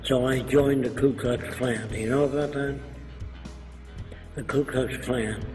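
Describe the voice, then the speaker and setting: A man's voice: mid-range voice, fairly even intonation, unhurried, a little mellow, soft background music. An older man, being interviewed, telling anecdotes in a lecturing way and acting out other people's voices. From New York. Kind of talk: anecdotal storytelling. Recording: echoey room, faint hiss.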